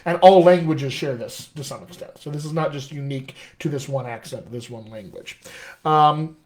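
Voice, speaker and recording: A man's voice: a little high, normal speed, a little mellow. A man with a General American accent, a dialect coach explaining text analysis in an extemporaneous live lesson, checking in often with "all right?". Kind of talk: live-streamed teaching session.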